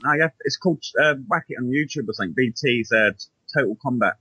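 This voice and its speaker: A man's voice: mid-range voice, fast, sharp tone, slightly rough, no echo, rough recording. A man in casual chat as a podcast co-host, rambling and hesitant, often restarting his sentences, heard over an online call.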